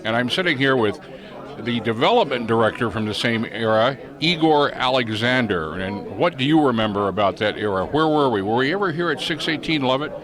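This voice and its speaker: A man's voice: medium pitch, expressive, brisk. A man, a former chief engineer, interviewing an old colleague in a genial, teasing way at an outdoor reunion. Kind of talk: casual interview chat. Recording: crowd chatter outdoors.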